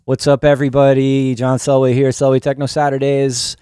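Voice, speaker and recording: A man's voice: mid-range voice, monotone, a little fast. A man hosting a casual livestream from a music studio, greeting viewers and chatting loosely. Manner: chatty, reads out chat names. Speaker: livestream host. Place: music studio in New York. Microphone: headphones on, studio mic. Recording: music playing behind the voice. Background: electronic music.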